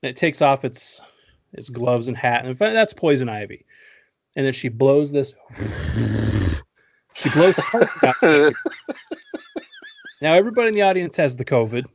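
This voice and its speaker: A man talks through a movie's plot in a loose, joking podcast recap, swearing freely and breaking into laughter. His voice sits at an ordinary middle pitch. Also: lively intonation, moderate pace, long pauses. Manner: joking, profane, laughs often. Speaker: podcast host.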